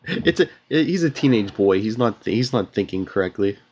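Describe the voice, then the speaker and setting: A man's voice: fairly low pitch, lively intonation, moderate pace, a little mellow, slight background noise. A man co-hosting a podcast, chatting casually and musing in rambling, restarting sentences. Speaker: podcast co-host. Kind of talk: casual TV review chat.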